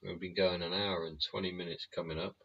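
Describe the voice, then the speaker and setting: A deep-voiced man hosts a live stream in a blunt, rambling rant full of swearing. His voice is husky yet forceful. The audio is dull and lo-fi. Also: flat delivery, fast talker. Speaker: livestream host.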